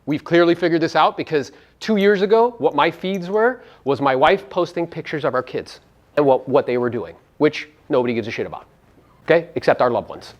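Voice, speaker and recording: A man giving a live motivational seminar talk to real estate agents, brash and profane, firing rhetorical questions at the audience. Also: on the high side.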